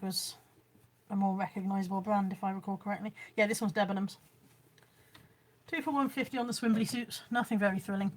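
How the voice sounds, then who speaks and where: A woman chatting casually on a live stream at home, showing her haul and reading out viewer comments. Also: fairly high pitch. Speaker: vlogger. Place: room at home.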